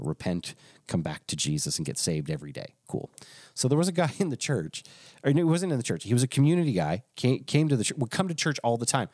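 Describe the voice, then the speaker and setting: A man's voice: fairly low pitch, a little mellow, no echo, studio quality. A man who is a pastor, telling a story in casual chat with restarts and frequent chuckles.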